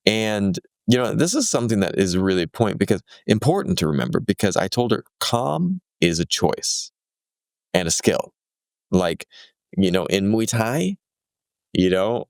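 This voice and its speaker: A man hosting a solo podcast, telling stories in an animated way and acting out the quotes. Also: fairly low pitch, moderate pace, gravelly, no room sound, studio quality. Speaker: podcast host.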